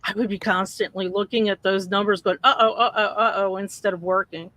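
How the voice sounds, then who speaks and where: Upbeat female host on a video call, bright voice, dry close sound. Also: medium pitch, fairly even intonation, a little fast, no room sound. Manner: chatty and upbeat, asks lots of questions. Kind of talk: casual livestream chat.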